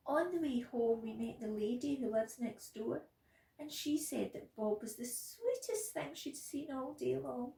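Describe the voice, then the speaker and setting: A woman who works at a nursery, reading a picture book aloud to young children in a gentle, expressive way. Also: sits high, a little slow, creaky, echoey room, recorded from a distance, poor audio. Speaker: nursery practitioner.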